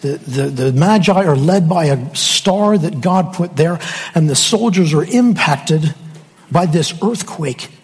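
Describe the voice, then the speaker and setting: A man preaching a sermon slowly and emphatically, with dramatic pauses. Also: on the high side, lively intonation, darkish tone, slightly rough, long reverb tail.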